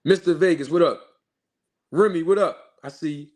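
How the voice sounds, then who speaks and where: Brief: Philly-male streamer, slightly high voice, hypes the chat and scolds trolls with repetition. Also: normal speed. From Philadelphia. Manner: hyped, shouts out viewers, repeats himself emphatically. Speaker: livestream host. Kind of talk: live-stream chat and commentary.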